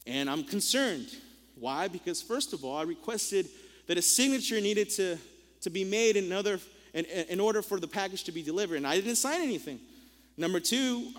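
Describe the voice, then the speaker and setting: A man's voice: high voice, a bit bright, in a large hall. A young man preaching a sermon, telling a funny story in a playful, self-mocking way and often stumbling over repeated words. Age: young adult.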